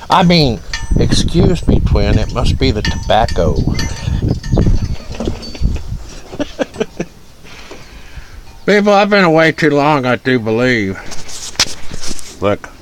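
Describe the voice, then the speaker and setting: A man's voice: medium pitch, big pitch swings, a little slow, noisy background. A man from Ohio hosting a casual livestream from his front porch, rambling, chuckling often and greeting viewers by name. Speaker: livestream host.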